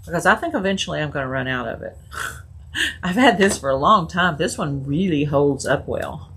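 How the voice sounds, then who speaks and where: A woman's voice: low-pitched, gravelly, a bit bright, a little hiss or hum. A woman hosting a casual crafting video, chatting and giggling with her viewers as she works. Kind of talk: casual live crafting chat.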